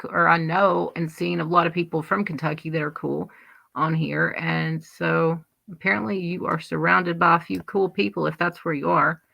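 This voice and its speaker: A woman's voice: fairly low pitch, gravelly, bright, forceful tone, slightly rough. A woman with a Southern US accent hosting a livestream, chatting in a rambling, wandering way with lots of asides. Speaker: livestream host. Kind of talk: casual livestream chat.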